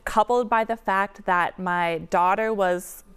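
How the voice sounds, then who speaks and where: An American woman, an author guest on a talk show, telling stories in a bubbly, expressive way. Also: medium pitch, slow pace, clear, resonant tone. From United States.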